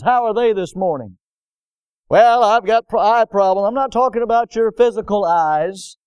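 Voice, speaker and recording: Pastor guy preaching, high voice, dry close sound, gets loud on the big points. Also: smooth, dry recording. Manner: preaching with emphatic swells and rhetorical questions. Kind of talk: sermon.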